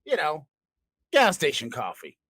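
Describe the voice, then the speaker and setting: A man co-hosting a comedy podcast, his pitch sitting a little high and swinging widely as he spins absurd made-up tales. The sound is dry and close, with no room around it. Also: huge pitch swings, measured pace, pushed and bright, breathy edge, no room sound. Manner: spins absurd made-up stories with playful voices. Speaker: podcast co-host.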